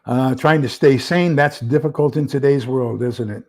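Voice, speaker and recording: A man's voice: medium pitch, normal speed, darkish tone. A man hosting a casual live stream, rambling with many fillers as he reads a document aloud and fumbles with screen sharing. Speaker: livestream host.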